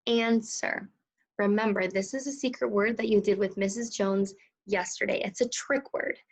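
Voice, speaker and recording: A woman teaching a recorded second grade phonics lesson, enunciating sounds slowly and clearly, praising and prompting her pupils. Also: medium pitch, fairly even intonation. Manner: slow, clearly enunciated, encouraging teacher talk.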